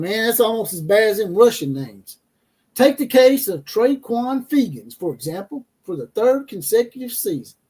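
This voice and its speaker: A brash, fairly high-voiced man with a darkish, husky tone hosts a college football livestream. His talk is loose and profane as he mocks players and reporters, reading chat and chuckling at his own jokes.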